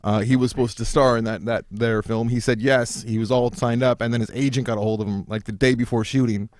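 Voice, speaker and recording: A man's voice: mid-range voice, fairly even intonation, fast talker, a little mellow, no echo. A man hosting a podcast in casual chat, with wry, teasing banter. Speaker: podcast host.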